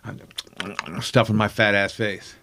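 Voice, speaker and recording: A man's voice: lowish voice, steady tone, measured pace, sharp tone. A comedian telling a profane, self-mocking story from his childhood in casual chat.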